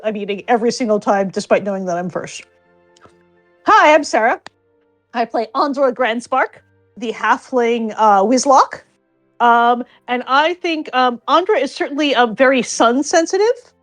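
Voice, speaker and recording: A woman chats as a tabletop player, pausing often with ums. Her voice is on the high side. Faint music runs underneath. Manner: hesitant, lots of ums. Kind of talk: casual tabletop game chat.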